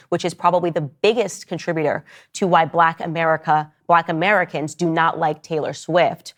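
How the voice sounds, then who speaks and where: Low-voiced woman delivering pointed commentary. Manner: argumentative, addresses listeners directly. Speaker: podcast host. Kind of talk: opinionated commentary.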